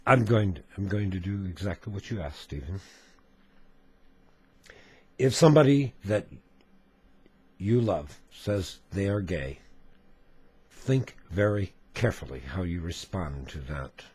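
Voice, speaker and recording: Video blogger, male, very low husky voice, unhurried and earnest in delivery. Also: lively intonation. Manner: slow, deliberate, solemn. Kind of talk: earnest vlog monologue.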